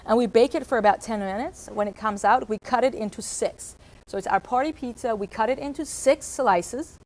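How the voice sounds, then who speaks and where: A woman's voice: on the high side, normal speed, darkish tone. Woman explaining restaurant procedures to staff. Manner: explanatory, with fillers and self-corrections. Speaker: restaurant trainer. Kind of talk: staff training talk.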